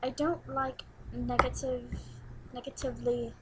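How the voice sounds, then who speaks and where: A woman's voice: sits high, little pitch movement, unhurried, background noise. A teenage girl vlogging casually into a webcam at home, chatty and giggly and rambling between topics. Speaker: new vlogger.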